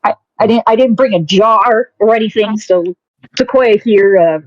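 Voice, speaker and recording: A woman player in a tabletop game, casual and quick to laugh. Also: mid-range voice, no echo, lo-fi sound.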